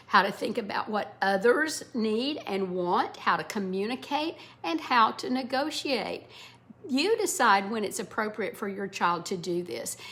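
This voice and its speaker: Woman, middle-aged parenting educator, slightly high voice, explanatory lesson tone. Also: a bit bright. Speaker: parenting educator, former English teacher. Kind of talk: instructional talk to parents.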